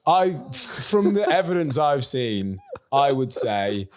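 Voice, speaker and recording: A man's voice: mid-range voice, sing-song, slow, a little hiss or hum. A man hosting a podcast, chatting casually and joking with his guest. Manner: chatty, joking banter with frequent laughter. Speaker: podcast host. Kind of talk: casual chat.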